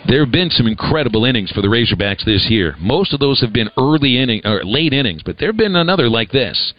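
A man giving live baseball play-by-play as announcer, brisk and conversational with dry humor. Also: medium pitch, very animated, muffled recording.

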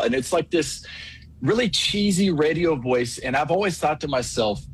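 Husky man calling in to a show. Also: fairly high pitch, animated, normal speed, low-quality recording. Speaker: caller. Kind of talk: casual call-in. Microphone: phone line.

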